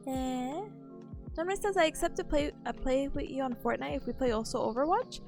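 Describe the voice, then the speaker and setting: Bubbly high-voiced young woman streamer. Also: brisk. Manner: bubbly, giggly, greets chat warmly. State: slightly nasal, voice worn from a cold. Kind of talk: casual live-stream chat. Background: faint music.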